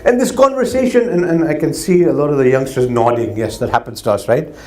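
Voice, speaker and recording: A man's voice: on the high side, lively intonation, fairly quick, a little mellow, slight background noise. A man preaching a sermon to young people, telling stories and addressing the audience directly. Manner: storytelling, repetitive, addresses audience. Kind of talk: sermon to youth.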